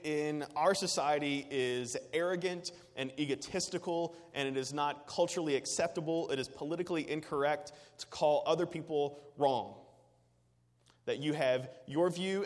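Earnest preacher man in a reverberant hall. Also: fairly high pitch. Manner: earnest, emphatic, repetitive phrasing. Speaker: pastor. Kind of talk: sermon.

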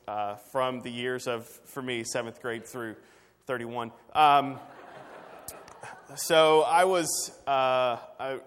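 A man's voice: mid-range voice, in a large hall. A man preaching a sermon, telling a personal story in a conversational way with fillers and restarts. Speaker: pastor.

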